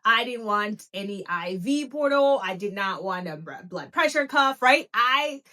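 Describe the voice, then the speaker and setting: A woman in her thirties hosting a podcast, telling a personal story in a casual, lively way and acting out what people said. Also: medium pitch, measured pace. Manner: animated, laughing, acts out quoted talk. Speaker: podcast host.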